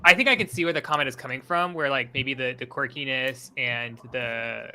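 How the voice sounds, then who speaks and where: Casual panelist, male, very bright voice, loose and chatty with plenty of fillers. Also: medium pitch, moderate pace, clean tone. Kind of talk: casual live stream chat.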